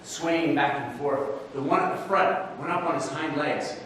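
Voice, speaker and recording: A man with a Canadian accent giving a lively storytelling speech to a live audience in a large hall. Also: a little high, normal speed. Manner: animated, playful, audience-engaging. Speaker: speech contestant. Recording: echoey hall, distant mic, audience noise.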